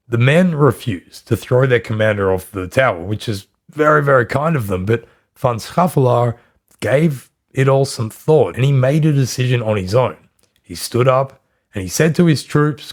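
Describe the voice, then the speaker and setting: A man's voice: mid-range voice, moderate pace. A man hosting a history podcast, reading a scripted narration and dropping in wry, dry asides. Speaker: podcast host.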